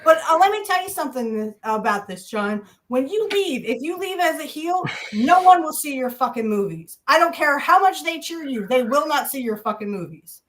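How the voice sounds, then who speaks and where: A woman's voice: high-pitched, expressive, moderate pace, few pauses, fairly bright tone. A woman co-hosting a casual wrestling review podcast, talking bluntly with swearing and mocking rants. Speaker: podcast co-host.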